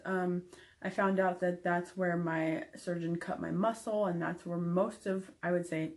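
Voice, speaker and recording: Slow-talking candid woman vlogger. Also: mid-range voice, darkish tone. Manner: candid, frank, with frequent ums. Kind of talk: casual recovery update to camera.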